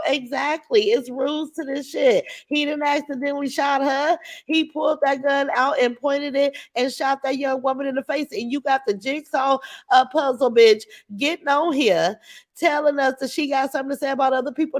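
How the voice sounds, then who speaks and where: A woman's voice: sits high, normal speed. A middle-aged woman hosting a casual livestream, reading viewers' comments aloud and answering them bluntly and with plenty of profanity. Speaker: livestream host reading chat.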